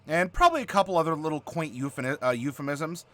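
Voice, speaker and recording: A man with a slight Southern American accent, hosting a casual chat in a playful, animated way with frequent laughter. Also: a little high, quick pace. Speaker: host.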